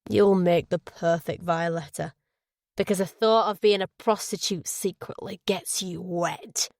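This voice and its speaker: A woman's voice: on the low side, steady tone, a little slow, creaky, a little mellow, no room sound, clean studio sound. A woman voicing a sarcastic, cruel drunk man in a storybook reading. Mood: sneering. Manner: sneering, sarcastic.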